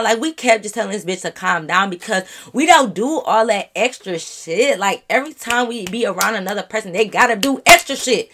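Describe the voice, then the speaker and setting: A woman vlogger telling a story straight to her viewers in an animated, profane, casual way. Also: on the high side, brisk.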